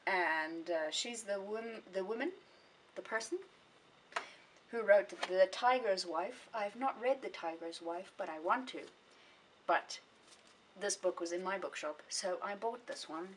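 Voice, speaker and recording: Speaking in a mid-range voice with a fairly bright tone, the young woman vlogs chattily about her books, frequently correcting herself as she goes. There's faint hiss, and she sounds somewhat far from the microphone.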